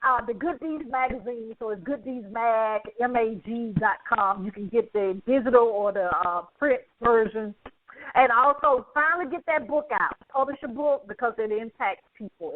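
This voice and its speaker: A woman's voice: on the high side, dry recording. Emphatic woman host on a phone line. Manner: emphatic, emotional, repeats herself, laughs often. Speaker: podcast host. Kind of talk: casual show sign-off.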